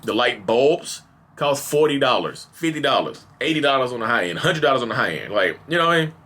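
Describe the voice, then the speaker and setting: A man's voice: mid-range voice, big pitch swings, fairly quick, pushed and bright. A man in his thirties speaking in a candid, rambling confessional monologue. He fills his talk with many "like" and "you know" fillers. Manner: acts out quoted exchanges in raised, heated bursts. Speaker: vlogger and host of the channel.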